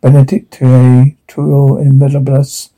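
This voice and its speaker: A man reading a frightened woman's fervent prayer in a halting, stumbling way. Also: medium pitch, completely flat delivery, dark tone, poor audio.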